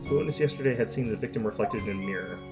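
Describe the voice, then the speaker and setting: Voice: mid-range voice, rapid-fire, natural voice. A streamer reading a flustered young defense lawyer. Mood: wry. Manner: wry inner monologue, mildly exasperated. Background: loud game music.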